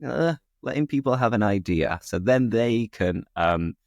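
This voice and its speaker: A man's voice: on the low side, expressive, a little slow, no echo, clean studio sound. A British man hosting a podcast, chatting casually and laughing at his own jokes. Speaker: podcast host, English teacher.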